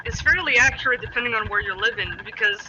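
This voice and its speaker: A man's voice: very high-pitched, fast talker, muffled recording, background noise. A man chatting casually on a livestream, teasing and laughing.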